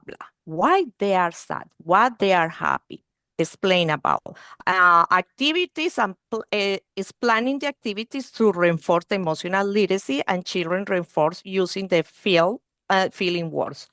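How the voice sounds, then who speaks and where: A woman's voice: mid-range voice, moderate pace, a bit bright, no room sound, studio quality. A woman presenting a training webinar for early-learning teachers over a video call, speaking non-native English and often checking in with "okay?" and "you see".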